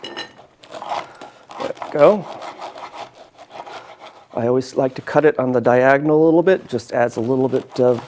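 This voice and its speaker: A man's voice: mid-range voice, vocal fry, darkish tone, a little hiss or hum. A man hosting a local cooking show, chatting casually and enthusiastically while he eats and sometimes talks with his mouth full.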